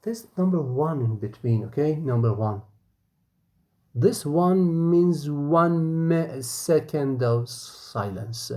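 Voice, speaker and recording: A man's voice: a little high, animated, slow, darkish tone. A man lecturing, explaining a conversation and checking in with "okay?" after nearly every point. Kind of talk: university lecture.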